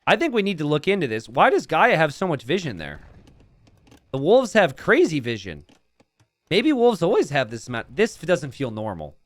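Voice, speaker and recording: A man casting a strategy game match, excitable and breaking into shouts and laughter. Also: fairly high pitch, a little slow, no room sound. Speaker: game caster.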